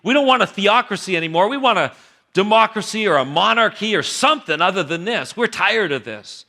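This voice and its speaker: Man voicing grumbling villagers, whiny and insistent, bright high tone. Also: animated, brisk, heavily acted. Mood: demanding. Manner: whiny, demanding. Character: complaining crowd of fed-up villagers.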